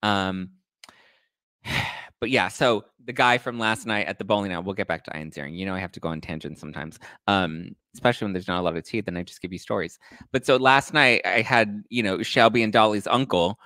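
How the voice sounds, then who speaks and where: A young man hosting a casual gossip show, telling stories in a campy, animated way and swearing freely. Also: brisk, no room sound. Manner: animated, campy, swears freely, acts out quoted people in high voices. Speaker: host.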